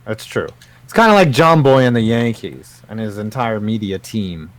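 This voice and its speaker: A man's voice: fairly low pitch, animated, moderate pace. A man co-hosting a casual podcast, joking around with crude, loose banter. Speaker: podcast co-host.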